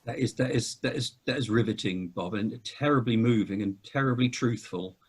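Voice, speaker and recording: A man, a cathedral dean, hosting a casual interview, speaking haltingly and repeating words as he goes. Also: mid-range voice, slightly rough. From not from Cornwall.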